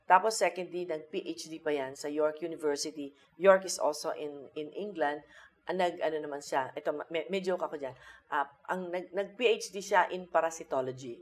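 Lively woman guest. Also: low-pitched, fairly quick. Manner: animated storytelling, mixes Tagalog and English. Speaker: interview guest, comedian. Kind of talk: casual chat.

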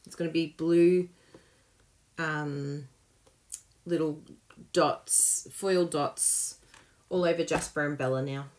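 A woman's voice: low-pitched, steady tone, takes it slowly, pauses often, a little mellow. A woman hosting a live papercraft tutorial, chatty and self-mocking, laughing often and gushing over her work as she demonstrates.

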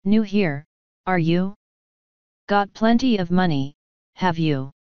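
A woman doing a gruff, pushy haggling townsman. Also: on the low side, lively intonation, takes it slowly, no echo, muffled recording. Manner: bargaining, blunt and knowing. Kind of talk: audiobook character voice.

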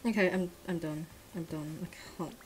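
A young woman giving casual commentary while pulling in a gacha game, drifting between quiet, mumbled disappointment and sudden shrieks of excitement. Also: moderate pace, soft background music, rough recording. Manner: swings from mumbled low sighs to shrieking excitement. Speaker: gacha gaming streamer.

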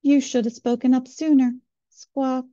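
A woman doing a shrill, scolding mockingbird. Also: flat delivery, a little slow, warm tone, dry recording. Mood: nagging. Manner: scolding, repeats squawks. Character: shrill nagging mockingbird of inner criticism. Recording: slightly muffled, dry recording.

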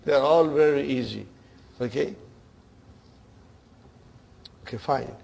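Teaching Arabic grammar to a class, a man takes things slowly in a medium-pitched, gravelly, slightly mellow voice. He explains terms in English and checks in with "huh?" and "okay?", calling students brothers and sisters.

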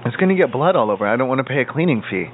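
A man's voice: medium pitch, sing-song, rapid-fire. A man making a prank phone call, playing a confused, rambling hotel guest. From United States. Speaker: prank caller. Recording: tinny phone-like line, faint noise.

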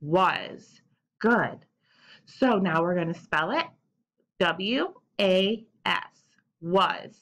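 A woman teaching sight words to young children, slowly sounding out and spelling letters and asking them to repeat after her. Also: on the low side, animated, fairly bright tone. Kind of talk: remote lesson for young children.

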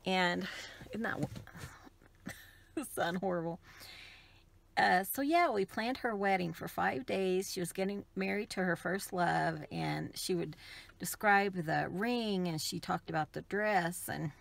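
Low, gravelly-voiced woman sharing a memory. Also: slow pace, dry recording. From United States. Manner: soft-spoken, emotional, rambling with many restarts. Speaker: craft vlogger. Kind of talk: casual personal storytelling.

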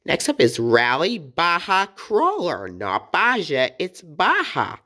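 Woman toy-review host: low voice, hugely swooping pitch, playful and giggly. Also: wildly swooping pitch, takes it slowly, fairly bright tone. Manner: playful, chatty, giggles often. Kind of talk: casual toy review narration.

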